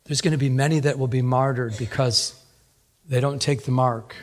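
A man's voice: medium pitch, steady tone, normal speed. A man preaching a sermon as a pastor, telling stories in a conversational way, often repeating words.

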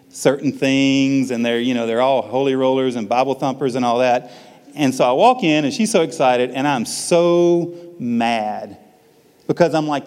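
A man's voice: mid-range voice, lively intonation, moderate pace, a little mellow, long reverb tail. A man giving a personal testimony at church, telling a story in a folksy, self-deprecating way.

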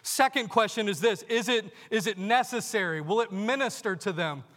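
A man preaching a sermon, his high, bright voice ringing through a church sanctuary with a long reverb. He keeps putting rhetorical questions to his congregation. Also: normal speed. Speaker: pastor. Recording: long reverb of a large hall.

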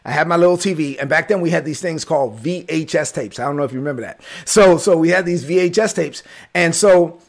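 Brooklyn-accented male preacher, husky and fairly high-pitched, animated storyteller. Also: fast. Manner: animated storyteller, acts out quotes, sudden shouts. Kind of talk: sermon-style storytelling. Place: livestream with chat.

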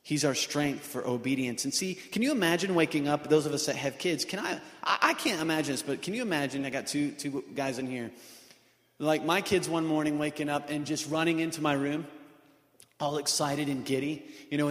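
A man's voice: fairly high pitch, fairly quick, fairly bright tone. A man preaching a sermon as pastor, earnest and full of rhetorical questions. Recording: echoey hall with long reverb.

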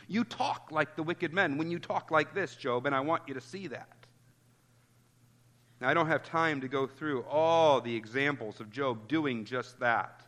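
Bright-voiced man preaching a sermon. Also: on the high side, big-room sound. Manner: earnest expository preaching, citing chapter and verse. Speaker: pastor.

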